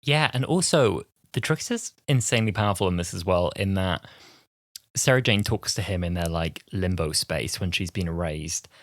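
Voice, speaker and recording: A man's voice: normal speed, no echo, clean studio sound. A man in his twenties co-hosting a podcast, chatting casually and acting out lines in put-on voices. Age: 20s. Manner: animated, acts out lines from the episode in high put-on voices. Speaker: podcast co-host. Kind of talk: casual chat.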